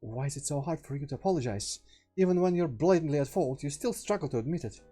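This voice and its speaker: A man voicing a cold, formal young woman who speaks softly and holds back her anger. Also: a little high, lively intonation, fast, slightly rough, soft background music. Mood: icy. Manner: soft, icy, restrained, formal. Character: cold restrained shy young woman Yuri.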